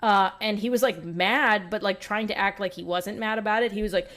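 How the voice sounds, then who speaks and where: A woman's voice: mid-range voice, normal speed, hardly any pauses, fairly bright tone. Woman, casual monologue, chatty, filler-heavy, online personality.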